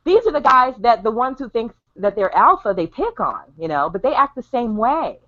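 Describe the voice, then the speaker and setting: A woman's voice: fairly high pitch, sing-song, normal speed, fairly bright tone, lo-fi sound. A woman hosting a casual online chat show, talking bluntly and laughing often over a voice call. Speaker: show host.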